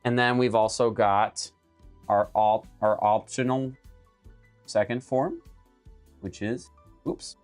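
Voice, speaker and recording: A man's voice: lowish voice, slow, long pauses, soft background music. A young man teaching a live Spanish lesson, explaining verb forms step by step while writing on a board. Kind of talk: live-streamed language lesson.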